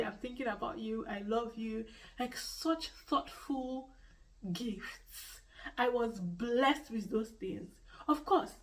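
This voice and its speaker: A woman's voice: fairly high pitch, recorded from a distance, low-quality recording. A Nigerian woman telling a personal story in a vlog, earnest and repeating key phrases for emphasis. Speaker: vlogger.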